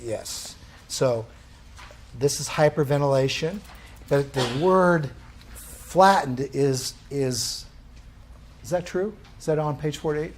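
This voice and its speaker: Male instructor teaching a live class, lively pitch, keeps asking the room questions. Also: slow, pauses often, a little hiss or hum. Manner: quizzing the class with questions, animated.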